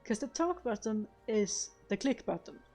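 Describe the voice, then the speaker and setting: A woman's voice: medium pitch, expressive, normal speed, a little mellow, faint music behind. A woman streaming a game, chatting casually and a bit hesitantly as she plays. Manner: chatty, self-deprecating, hesitant.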